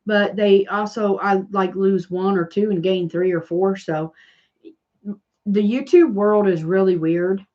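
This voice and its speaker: Southern woman, crafting livestream host, slow rambling chat with viewers, slightly dull lo-fi sound. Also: medium pitch. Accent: Southern American. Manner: rambling, chatty, reads and answers live comments.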